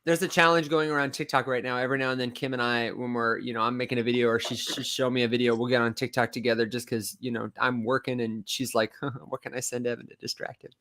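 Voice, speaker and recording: A man's voice: mid-range voice, level tone, fast, hardly any pauses, fairly bright tone. A man with a Michigan accent chats as a podcast host. His voice is nasal and a little reedy. He tells stories with animation and laughs easily. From Las Vegas to Michigan, United States. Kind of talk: casual livestream podcast chat.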